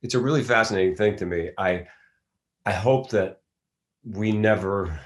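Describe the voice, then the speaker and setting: A man's voice: fairly low pitch, moderate pace. A middle-aged man from Philadelphia, an actor giving a casual interview, rambling through stories with many restarts. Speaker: actor guest.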